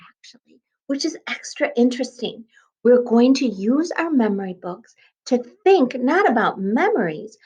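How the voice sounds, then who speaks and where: Slow, lively-voiced kindergarten teacher. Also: female voice, fairly high pitch, lo-fi sound. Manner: slow, sing-song, spells words out sound by sound. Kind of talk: remote lesson for young children.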